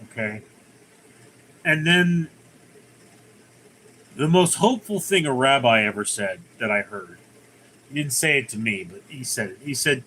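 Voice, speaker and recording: A man's voice: medium pitch, expressive, a little slow, pauses often, pushed and bright, a little hiss or hum, rough recording. A man hosting a casual livestream, reading viewer comments aloud and answering them in a rambling, conversational way. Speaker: livestream host.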